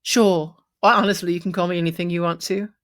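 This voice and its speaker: A woman's voice: fairly low pitch, steady tone, fast talker, close to an everyday voice. A woman voicing a flustered, very camp male satyr shopkeeper in a tabletop game, theatrical and scattered. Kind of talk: tabletop role-play.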